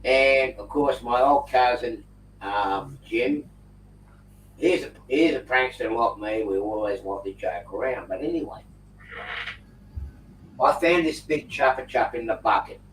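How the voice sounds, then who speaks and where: A man tells a lively prank story on a group video call. His voice sits in the middle range. It comes through a distant computer mic in an echoey room with a faint hiss behind it. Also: medium pitch, unhurried, pauses often. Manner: animated yarn-spinner, prankster humor.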